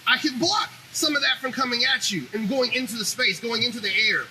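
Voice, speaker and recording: Man, show host, very high pitch, sharp piercing tone, animated profane rant. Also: fairly quick, a little hiss or hum, rough recording. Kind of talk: opinionated monologue.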